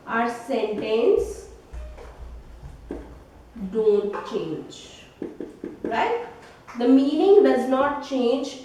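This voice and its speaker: A woman teacher with an Indian English accent and a high voice talks slowly through a grammar lesson. She keeps checking in with a questioning "right?" at the end of her points. She is heard from a distance in a very echoey room, with a faint hiss underneath. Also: a little mellow. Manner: slow, explanatory, ends phrases with a questioning "right?".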